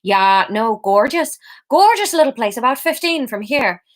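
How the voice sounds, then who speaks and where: A woman's voice: on the high side, animated, moderate pace, natural voice. Theo, a woman doing a bouncy bro with a wobbly Irish lilt. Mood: breezy. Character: Theo, a doofus young man with a botched Irish accent.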